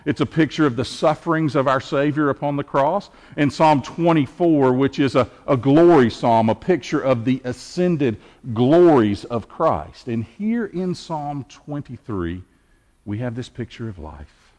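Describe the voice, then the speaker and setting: A man preaching an Easter sermon as pastor, earnest and measured, with emphatic pauses. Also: medium pitch, lively intonation, a little mellow, in a large hall.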